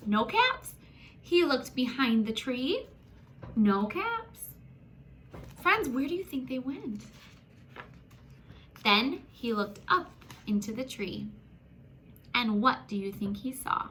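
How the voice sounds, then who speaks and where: A woman reading a children's picture book aloud, animated and gasping, talking to young listeners as friends. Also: sits high, slow pace, long pauses, a little hiss or hum. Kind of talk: expressive children's story read-aloud.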